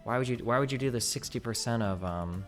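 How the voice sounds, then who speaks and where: A man's voice: mid-range voice, fast talker, faint music behind. A man streaming live, reading an article aloud and questioning it as he thinks aloud, with many "like"s.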